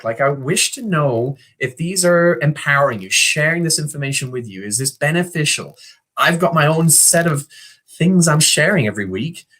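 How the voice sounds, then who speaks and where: A man's voice: fairly high pitch, a bit bright, husky. A middle-aged man hosting a motivational video talk, earnest, telling stories and acting out the voices in them. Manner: earnest, storytelling, acts out quoted voices. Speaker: host.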